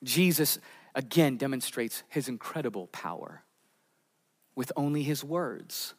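A man's voice: mid-range voice, big pitch swings, measured pace, in a large hall. A man preaching an expository sermon, building emphasis and sometimes voicing quoted pleas. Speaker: pastor.

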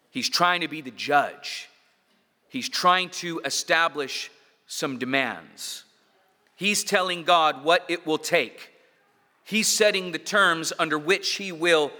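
A man's voice: on the high side, pushed and bright. A man preaching a sermon as pastor, emphatic, building points through repetition and dropping in casual asides. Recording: long hall reverb.

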